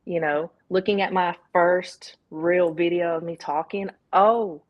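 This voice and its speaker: Woman, Southern US accent, interview guest, candid, fairly low voice. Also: steady tone, a little slow, muffled recording. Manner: candid, self-reassuring, quotes her own inner thoughts. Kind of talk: casual interview talk.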